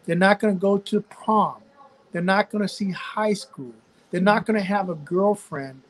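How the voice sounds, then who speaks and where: Older man, high voice, Louisiana drawl, folksy preachy talk, video call. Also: normal speed, rough recording. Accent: Southern US, Louisiana. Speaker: physician guest. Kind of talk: live online Q&A chat.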